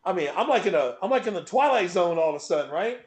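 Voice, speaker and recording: The guest, a middle-aged man with a bench press record, talks fast in a high-pitched voice on an interview show. He spins a loose, profane story and animatedly acts out its moments, with roomy echo in the recording.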